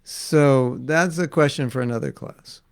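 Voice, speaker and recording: Older male teacher, gravelly delivery, anecdotal storytelling class, acts out quotes, chuckles between lines. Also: medium pitch, a little slow. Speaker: spiritual teacher.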